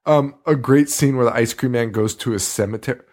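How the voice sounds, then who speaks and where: A man's voice: mid-range voice, fairly quick, darkish tone. Rambling, sarcastic male podcast host. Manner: rambling, exasperated, sarcastic, swears freely. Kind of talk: casual movie review chat.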